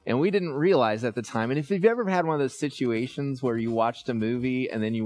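A man's voice: mid-range voice, animated, brisk, few pauses, a little mellow. A man in his thirties, a church pastor, preaching a sermon in a conversational, storytelling way with frequent fillers.

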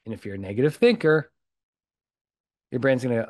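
A man's voice: mid-range voice, a little fast, dry recording. Man, podcast host, blunt, emphatic, repetitive, dry close sound. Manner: emphatic and animated. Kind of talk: solo podcast talk.

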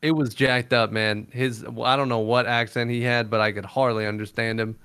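A man from Texas chatting casually on a podcast, relaxed and giving short replies. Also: mid-range voice, normal speed, clean tone. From Texas, USA. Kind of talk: casual chat.

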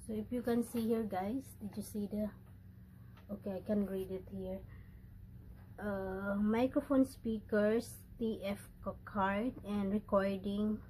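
Filipino lady vlogging an unboxing, super excited and chatty, unhurried talk, medium pitch. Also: slight background noise. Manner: excitable, chatty, mixing in Tagalog words. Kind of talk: casual unboxing vlog. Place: indoor room with the aircon off.

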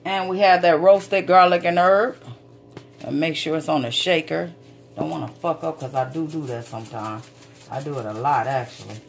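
A woman's voice: low-pitched, normal speed, gravelly. Woman, home cooking vlogger, chatty, folksy, casual cursing, home kitchen. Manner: chatty, folksy, calls viewers sweet babies, swears casually.

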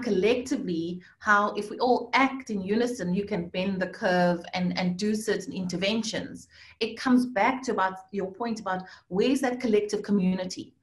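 A woman moderating a webinar panel, affirming the speakers and reflecting on their points. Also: medium pitch. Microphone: video call. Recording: roomy echo on a video call.

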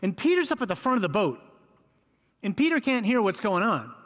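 Priest guy giving a sermon, fairly high voice, tells the story and does the disciples' voices, big echoey hall. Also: sing-song, fairly quick, a bit bright. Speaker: priest preaching.

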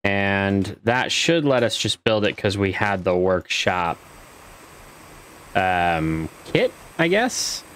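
A man's voice: sits low, sing-song, slow, fairly bright tone, a little hiss or hum. A man giving casual let's-play commentary, muttering to himself as he works things out and swearing when frustrated. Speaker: gamer playing a space survival game.

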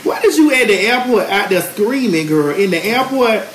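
A woman's voice: medium pitch, big pitch swings, moderate pace, reverberant, slight background noise, low-quality recording. A woman hosting a casual cooking vlog from her home kitchen, a brash, profane, chatty storyteller. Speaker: host.

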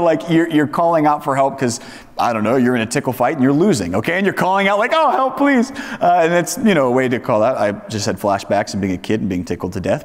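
A man teaching a Bible study, reading scripture and praying, then explaining it in an animated way, acting out the voices in his examples. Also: medium pitch. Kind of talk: sermon. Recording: hall reverb.

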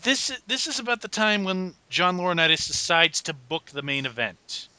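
Bright-voiced man hosting a wrestling podcast. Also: high voice, big pitch swings, moderate pace, clear, resonant tone, dry recording. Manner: narrates match play-by-play, dry and sarcastic. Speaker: podcast host. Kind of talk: casual wrestling recap chat.

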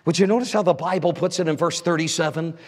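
A male evangelist preaching a sermon, swinging from loud emphasis to hushed lines. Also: on the high side, quick pace. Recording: echoey church hall.

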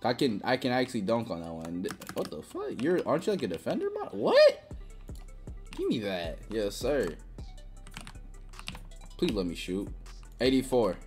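Casting: young woman gamer host, very low voice, wildly swinging delivery, excitable trash talk over faint music. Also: normal speed, pauses often. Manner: excitable trash talk, sudden yelps and shouts. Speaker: gaming channel host. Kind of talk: live gameplay commentary.

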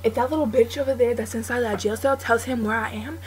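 A woman giving let's play commentary, frantic and swearing, yelling at game characters and dropping to a hushed mutter while hiding. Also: on the high side, fairly even intonation, quick pace, few pauses, a little hiss or hum. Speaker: gaming channel host.

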